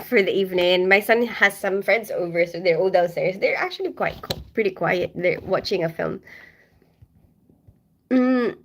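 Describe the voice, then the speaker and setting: A woman's voice: mid-range voice, fairly bright tone. A middle-aged woman from the Philippines hosting a casual livestream from home, reading comments and greeting viewers by name with frequent laughter. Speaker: livestream host.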